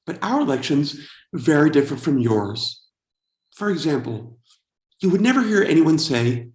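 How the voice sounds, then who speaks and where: A man's voice: a little high, big pitch swings, moderate pace, darkish tone, echoey room. A man in his forties from the United States, doing a wry, self-deprecating stand-up comedy set. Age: 40s.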